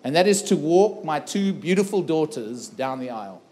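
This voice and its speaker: A middle-aged South African keynote speaker tells a personal story before a live audience on a festival stage. His fairly high, darkish-toned voice moves at a moderate pace, expressive and earnest, as he dramatically retells events and acts out the dialogue.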